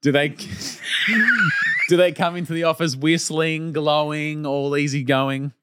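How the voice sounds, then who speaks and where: A man's voice: fairly high pitch, takes it slowly, very noisy. A man co-hosting a podcast, telling stories in a wry, teasing way. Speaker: podcast co-host. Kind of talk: casual podcast chat. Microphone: studio mic.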